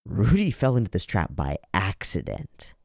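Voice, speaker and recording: Deep-voiced man doing anime reactions. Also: wildly swooping pitch, normal speed, gravelly, no room sound, clean studio sound. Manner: blunt, emphatic and profane. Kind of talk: reaction commentary.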